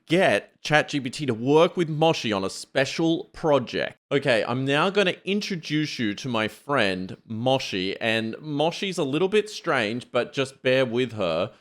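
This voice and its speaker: A male podcast host at an everyday pitch who talks casually. He is playful and directs the demo, giving quick instructions. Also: very animated, a bit bright.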